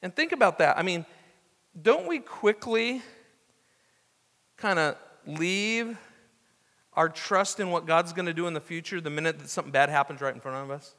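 A man's voice: on the high side, animated, normal speed, pauses often, a bit bright, big-room sound. A man preaching a sermon in a conversational way, with restarts and asides as he reads scripture. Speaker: pastor.

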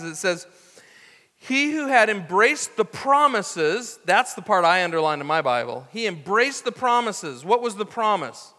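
A man's voice: high-pitched, pushed and bright, in a large hall. A man preaching a sermon in a conversational way, with restarts and asides as he reads scripture. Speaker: pastor.

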